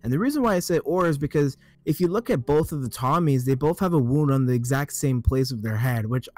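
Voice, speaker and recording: A man's voice: mid-range voice, lively intonation, a little fast, a little mellow, no echo. A man co-hosting a gaming podcast in casual chat, rambling and analytical, often restarting his sentences. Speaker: podcast co-host.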